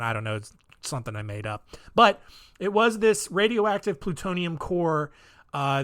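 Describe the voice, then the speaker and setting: Male podcast host, slightly higher voice, rambling, lots of fillers, dry offhand humor. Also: a bit bright. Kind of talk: casual solo podcast storytelling.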